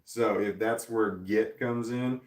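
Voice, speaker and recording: American man, livestream host, rambling chat reading comments, lowish voice, distant roomy recording. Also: fairly even intonation, slow pace, a little mellow. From United States. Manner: rambling, thinking aloud, trailing off and restarting. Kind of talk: casual live chat reading viewer comments.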